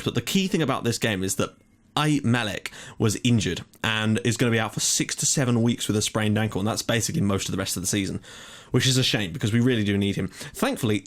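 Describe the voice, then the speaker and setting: A young man hosting his gaming channel, chatting casually through a management game, rambling and correcting himself, a little out of breath. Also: mid-range voice. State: slightly out of breath. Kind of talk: casual gameplay commentary.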